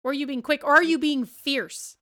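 A woman's voice: high-pitched, a little fast, a bit bright. A woman hosting a tabletop role-play podcast as game master, chatty and laughing often as she narrates the scene.

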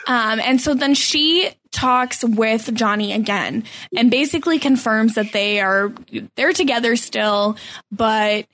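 A woman with a high voice co-hosts a casual podcast recap. She laughs often and slips into quick acted-out quotes of the people she talks about. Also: fairly bright tone. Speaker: podcast co-host.

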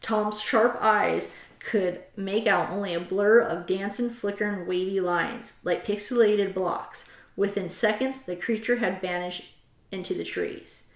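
A woman of middle pitch hosts a casual chat, retelling a story with lively energy and stopping to read passages aloud. Her voice carries a roomy echo. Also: unhurried. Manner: animated retelling, reads quotes aloud. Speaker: host.

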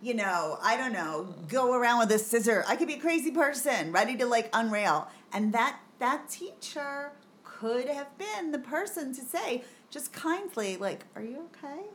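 A middle-aged woman co-hosting a podcast in casual chat, an animated storyteller who swears freely and laughs often. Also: on the high side, moderate pace, few pauses. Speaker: podcast co-host.

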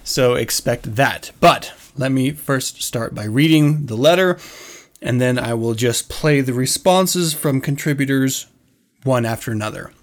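A man's voice: mid-range voice, unhurried. A man hosting his own podcast, telling a story in a casual monologue, swearing freely and laughing often as he rants. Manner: animated, profane storytelling rant with frequent laughs. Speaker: podcast host.

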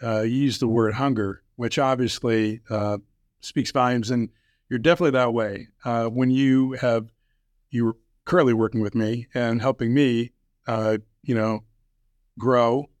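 Thoughtful man hosting, mid pitch. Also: steady tone, a little slow, no room sound. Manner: reflective, hesitant, many "uh" and "um". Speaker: podcast host. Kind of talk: conversational interview.

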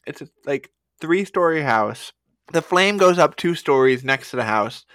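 Man, podcast co-host, casual comedic storytelling, animated, swears, acts out quotes, bright forceful voice, dry close sound. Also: a little high, a little slow, dry recording.

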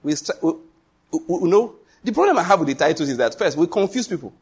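Husky, emphatic male preacher. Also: a little high, sing-song, quick pace. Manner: emphatic preaching with repetition and rhetorical questions. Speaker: pastor. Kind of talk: sermon.

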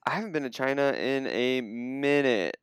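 A woman's voice: extremely low pitch, normal speed, clear, resonant tone, no echo, studio quality. A woman co-hosting a podcast in casual chat, laid-back and wry. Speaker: podcast co-host.

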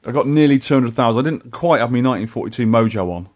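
Fast-talking chatty man. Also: mid-range voice, expressive, a little mellow, a little hiss or hum. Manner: chatty, rambling with restarts. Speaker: podcast co-host. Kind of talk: casual chat.

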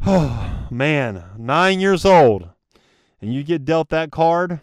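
Earnest podcast guy giving a motivational talk, kinda high voice, super dry close sound. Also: big pitch swings, drawn-out words, pauses often, no echo. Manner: earnest, casual, addresses listeners as guys. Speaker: podcast host.

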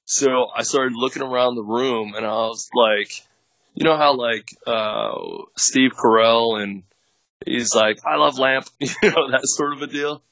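A man's voice: medium pitch, unhurried, fairly bright tone, no echo, low-quality recording. A man in his thirties telling casual stories as a podcast guest, rambling with many fillers and frequent laughs. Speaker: podcast guest, actor and producer. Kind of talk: casual storytelling chat.

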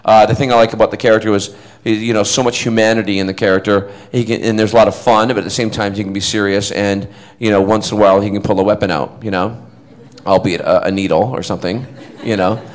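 A man's voice: fairly low pitch, fairly even intonation, fast. A man, an actor, telling rambling anecdotes in a casual interview, full of fillers. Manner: rambling, chatty, many fillers.

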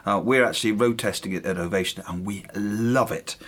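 Man, lowish voice, casual podcast co-host. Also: fairly quick. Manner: relaxed, conversational. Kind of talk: casual introduction.

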